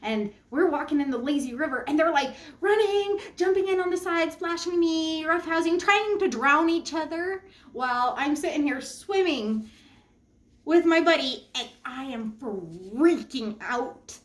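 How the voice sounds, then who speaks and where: A young woman vlogger telling a personal story, animated and emphatic, jumping up high when she quotes herself. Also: measured pace, echoey room.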